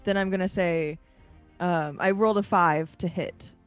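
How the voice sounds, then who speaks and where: A young woman playing a tabletop game, casual and playful with hesitant pauses. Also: fairly low pitch, steady tone, faint music behind. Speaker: player. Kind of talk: tabletop role-play.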